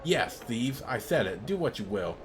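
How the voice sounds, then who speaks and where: A drunk and angry male blacksmith, bitter and poor, grumbling in short broken sentences, as a man reads him out. He sounds like a worn-down worker in a fantasy game. The voice stays at an everyday middle pitch. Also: very animated, moderate pace, music in the background, close to an everyday voice.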